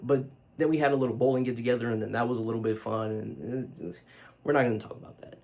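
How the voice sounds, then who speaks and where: A man's voice: medium pitch, fast, darkish tone. A man telling a personal story to camera in a loose, conversational way, with lots of fillers and casual swearing. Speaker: vlogger.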